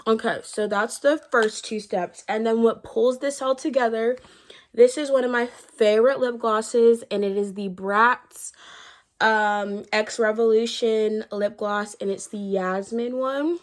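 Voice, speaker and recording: A woman's voice: a little high, steady tone, unhurried. Chatty young woman vlogger, slightly breathless. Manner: chatty, rambling with fillers and restarts. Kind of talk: casual chat.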